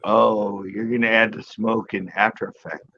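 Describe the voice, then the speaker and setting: A man in casual chat who tells stories in an animated way, laughs a lot and swears freely. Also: lowish voice, moderate pace, vocal fry, muffled recording, slight background noise. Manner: chatty, laughs often, animated storyteller, swears. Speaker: channel host.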